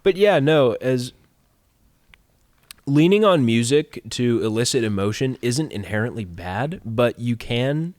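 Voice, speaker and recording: A man's voice: medium pitch, a little slow, no room sound. A young man, a guest composer, chatting casually on a podcast and acting out lines and hummed music as he talks. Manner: animated, acts out lines and hums music.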